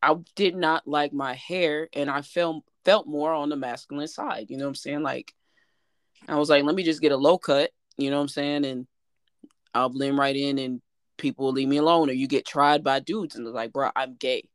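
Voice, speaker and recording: A woman chatting casually as a guest, relaxed and conversational, often asking "you know what I'm saying". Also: sits low, moderate pace, no echo, clean studio sound. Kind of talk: casual chat.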